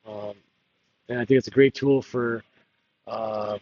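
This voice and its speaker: A man's voice: fairly low pitch, steady tone, unhurried, darkish tone, dull audio. A man talking candidly in a rambling confessional monologue, laughing often and drifting between topics. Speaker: political candidate.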